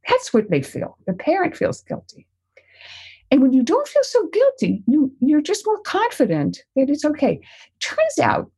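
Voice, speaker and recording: A woman's voice: medium pitch, dark tone, breathy edge. An older woman, a parenting expert, answering interview questions and telling a family story, acting out the voices she quotes.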